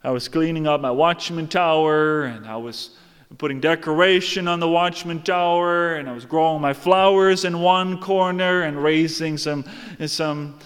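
A man's voice: fairly high pitch, fairly even intonation, moderate pace, fairly bright tone, smooth, big-room sound, lightly acted. A man voicing a negligent male watchman who rambles defensively about his excuses. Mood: self-satisfied. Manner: defensive, rambling, self-satisfied.

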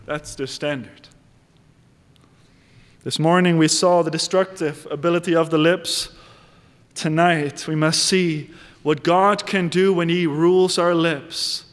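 A man preaching an evening sermon as pastor, measured and deliberate, drawing out key phrases and rising in pitch to stress them. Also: steady tone. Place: church sanctuary. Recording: long reverb of a large hall.

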